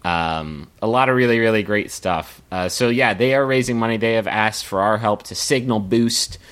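A man with a lowish voice chats on a comedy podcast. He rambles, swears and hypes things up with loose filler. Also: normal speed, fairly bright tone, clear, resonant tone. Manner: rambling, profane, enthusiastic. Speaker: podcast co-host. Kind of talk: casual comedy chat.

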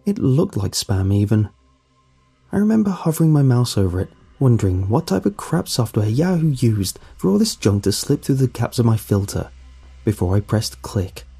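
A man telling a first-person horror story in a low-key, wry storytelling voice. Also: gravelly, warm tone, breathy edge. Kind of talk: first-person creepypasta narration. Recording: faint music underneath.

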